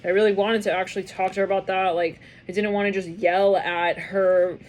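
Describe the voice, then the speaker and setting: A woman's voice: medium pitch, flat delivery, a little fast, a little mellow, a little hiss or hum, poor audio. Chatty woman giving a rambling tarot reading. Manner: rambling, acts out imagined people; laughs often, frequent filler words. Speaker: tarot reader.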